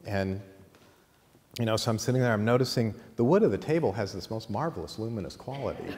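A middle-aged man teaching a course, telling a long lively anecdote to a class and laughing at his own story. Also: mid-range voice, a little fast. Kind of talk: storytelling in a lecture. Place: college teaching room. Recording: long hall reverb, faint noise.

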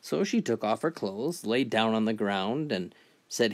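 A man telling a string of crude jokes in a steady, scripted narration voice. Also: on the low side, a little slow. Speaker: joke teller.

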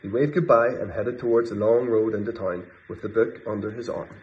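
A man reading a children's picture book aloud in a gentle, expressive way, filmed on a phone or camera for an online video, with slightly muffled sound. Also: fairly low pitch, brisk. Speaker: storybook reader.

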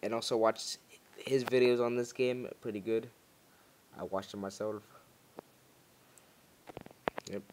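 A man's voice: on the low side, fairly even intonation, normal speed, noisy background. A man giving jumpy, muttering commentary while playing a horror game, bursting into panicked yelps when scared. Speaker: gaming YouTuber.

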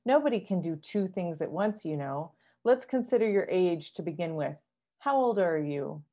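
A woman's voice: fairly low pitch, expressive, normal speed, highs cut off. A woman reading as a bossy old queen. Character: old fussy queen, woman, brisk and insistent.

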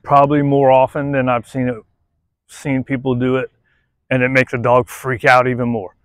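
Working a dog outside on a playground jungle gym, a man offers off-the-cuff, profanity-laced commentary, often adding "right?" to his points. He talks in a smooth monotone but coaxes the dog in a much higher pitch, with no room sound in the recording.

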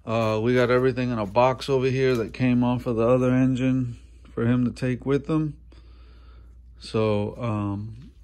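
A man's voice: mid-range voice, darkish tone. A man walking through an engine swap in a garage, talking casually with many ums and uhs. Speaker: mechanic showing an engine swap. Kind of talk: casual walkthrough narration. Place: garage workshop.

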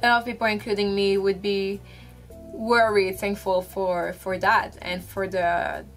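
A young woman talking to camera from her room in a casual, emotional vlog, halting with restarts and fillers. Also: mid-range voice, level tone, faint music behind. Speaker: vlogger.

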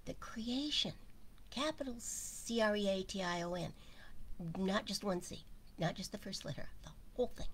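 A woman giving an informal spiritual talk, speaking slowly and musing aloud, often sinking to a near whisper. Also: mid-range voice, slight background noise. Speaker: spiritual teacher.

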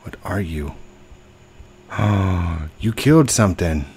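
A man's voice: low-pitched, expressive, takes it slowly, a little mellow, breathy edge. A young man giving playful live commentary while playing a game, talking to the other players and his own character. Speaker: gaming video host.

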